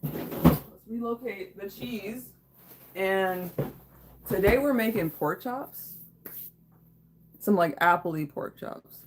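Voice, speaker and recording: A livestream host reads viewer comments from her home kitchen, chatting loosely with lots of fillers, laughter and cursing. Her medium-pitched voice is slow with frequent pauses, against a noisy background.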